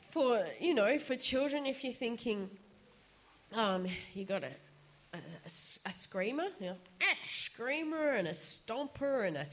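A woman giving a casual, chatty sermon, animated and laughing often, her voice jumping up for quoted asides. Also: sits high. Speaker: preacher.

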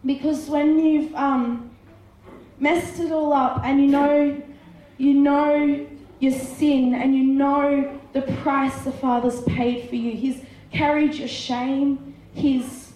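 Woman preacher, high-pitched, slow and emphatic, reverberant hall sound. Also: flat delivery, mellow. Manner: impassioned, retelling story with voiced characters. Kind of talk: sermon. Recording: very echoey hall.

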